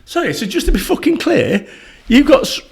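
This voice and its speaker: A middle-aged man with a Northern English accent, a podcast guest telling stories in a blunt, swearing, animated way. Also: very high-pitched, brisk, creaky. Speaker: podcast guest, motivational speaker. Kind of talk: casual conversational interview.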